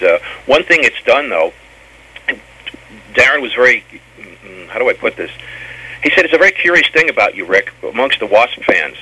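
A man with a low, husky voice and a bright, forceful edge. He rambles through his memories, stammering and doubling back on his words as he answers an interviewer. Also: poor audio. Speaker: former band member guest. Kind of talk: storytelling interview.

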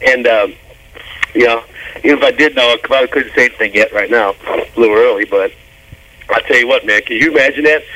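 A man in his fifties, a rock bassist telling stories on a radio interview, loose and animated, swearing casually and drawing out "man.". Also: low-quality recording. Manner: animated storytelling, swearing, laughing, drawn-out "man". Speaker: guest musician.

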